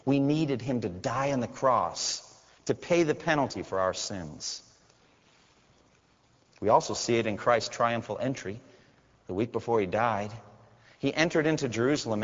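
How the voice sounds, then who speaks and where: A male pastor preaching a sermon, swinging dramatically between loud cries and hushed, quiet lines. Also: mid-range voice, animated, moderate pace. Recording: dull sound with long hall reverb.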